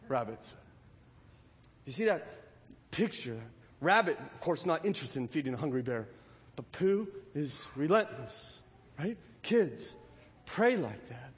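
An emphatic male pastor preaching a sermon, his voice pitched high for a man. He keeps checking in with the congregation. A long hall reverb trails his words through a large church sanctuary. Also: very animated, moderate pace. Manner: emphatic, keeps asking "right?".

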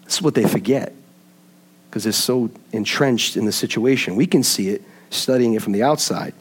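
A man preaching a sermon, swinging from low hushed lines to high impassioned calls, with repeated rhetorical questions to the congregation. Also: moderate pace, slightly rough.

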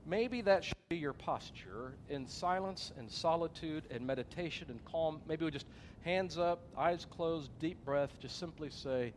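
A man's voice: on the high side, lively intonation, moderate pace, a little hiss or hum. A man preaching a sermon as a pastor, earnest and conversational, sharing personal stories.

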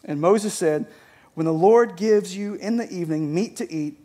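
A man's voice: sits high, moderate pace, mellow. A man preaching a sermon as a pastor, conversational, with many restarts and frequent "right?" checks to the congregation. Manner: conversational, repeats words, often asks "right?".

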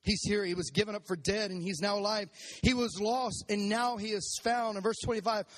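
A man with a notably high voice preaches a sermon, retelling a story with lively energy. He keeps turning to the congregation and prompting them to repeat key phrases back to him. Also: fairly quick. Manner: animated, prompts the audience to repeat lines. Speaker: pastor. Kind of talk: sermon with congregation call-and-response. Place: church service.

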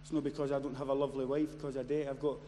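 Impassioned preacher in echoing hall. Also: male voice, mid-range voice, level tone, racing. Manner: builds from quiet storytelling to loud impassioned shouting. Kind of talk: sermon. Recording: long hall reverb, faint noise.

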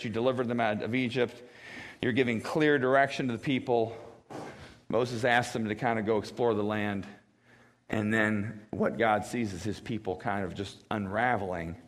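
A pastor preaching a sermon, acting out quoted voices in a high wail and a grave low tone. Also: male voice. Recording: long reverb of a church hall.

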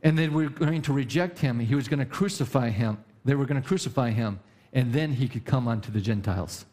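A male pastor preaching a sermon, repeating key lines with sudden rises and drops in pitch. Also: fairly quick, a little mellow. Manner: preaching with emphatic repetition and sudden pitch swings.

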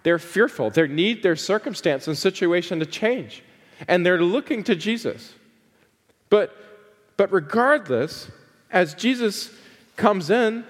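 A male pastor preaching a sermon, casual asides with "uh" fillers that build to fervent, drawn-out emphasis. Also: high-pitched, expressive, in a large hall. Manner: conversational asides with frequent "uh" fillers.

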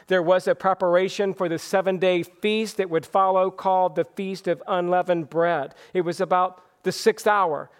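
A man with a higher-than-usual voice preaches a sermon. His tone is clear and resonant. He is earnest and deliberate, slowing down to lean on each point. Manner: earnest preaching, slows for scripture and emphasis. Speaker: pastor.

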